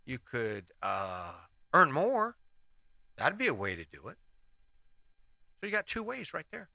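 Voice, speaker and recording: A man's voice: on the high side, creaky, bright, forceful tone, dry recording. A middle-aged man hosting a casual motivational monologue, rambling and restarting his sentences as he gives life advice. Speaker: host.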